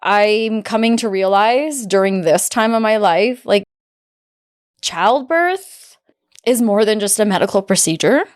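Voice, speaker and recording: A woman in her forties hosting a podcast conversation, her voice sitting at an ordinary middle pitch. She speaks in a reflective, heartfelt way, with halting starts and restarts as she searches for her words. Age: 40s. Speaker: podcast host. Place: podcast studio, seated across from guest.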